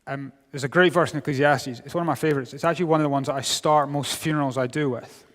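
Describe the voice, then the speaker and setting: A man's voice: on the high side, steady tone, quick pace. Scottish man preaching in a reverberant hall. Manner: humorous, wry storytelling with sudden drops to quiet. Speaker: youth speaker. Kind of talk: sermon. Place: large hall.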